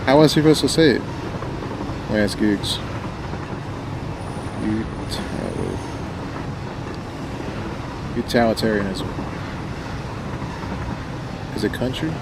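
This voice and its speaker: A man's voice: lowish voice, wildly swooping pitch, slow pace, vocal fry, pauses often, heavy background noise. A young man with a mild rural American country accent, livestreaming a game and chatting casually with viewers at a desk microphone, rambling and joking and often trailing off. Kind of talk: casual chat with stream viewers while gaming.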